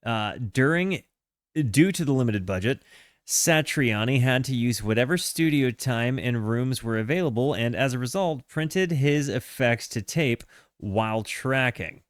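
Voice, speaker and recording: A man's voice: medium pitch, expressive, no echo. Chatty male streamer, dry close mic. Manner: chatty, halting, with frequent fillers and self-corrections; hearty shout-outs to chat. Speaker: streamer reacting to music. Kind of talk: casual live-stream chat and reading aloud.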